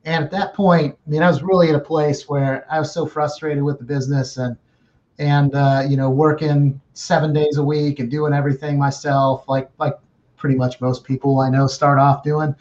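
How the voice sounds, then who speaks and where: A man with a fairly high speaking voice tells a story in a relaxed, chatty way. He often repeats a word or starts a phrase over. The audio sounds slightly dull and lo-fi. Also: moderate pace. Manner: repeats words and restarts phrases. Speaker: guest, remodeling business owner. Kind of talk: casual storytelling.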